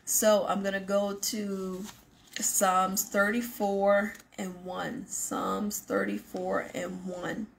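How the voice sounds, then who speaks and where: A woman's voice: mid-range voice, takes it slowly, creaky, a little hiss or hum. A woman hosting a faith program, giving an earnest devotional talk to her viewers, repeating her points for emphasis. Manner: earnest, emphatic repetition and asides to the audience. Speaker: ministry show host.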